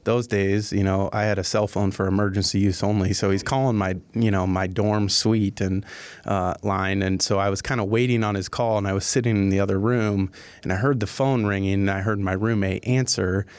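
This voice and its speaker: Low-voiced man telling a work story. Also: fairly even intonation, fairly quick, dry recording. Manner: storytelling, many "you know" fillers. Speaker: team communications staffer. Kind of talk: reflective interview remarks.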